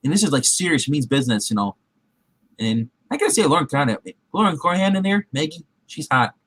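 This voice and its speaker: Casual recap host, male, a bit high-pitched, rambling delivery full of restarts, close dry sound. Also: animated, a little fast, fairly bright tone, breathy edge, dry recording. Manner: rambling, heavy with fillers and restarts; acts out characters' quotes in his retelling.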